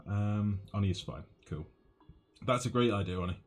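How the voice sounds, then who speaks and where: Pitched fairly low and moving at a normal speed, this young man's voice carries a northwest English accent. He's live-streaming a game, musing aloud and keeping up a casual chat with viewers, addressing them as mate.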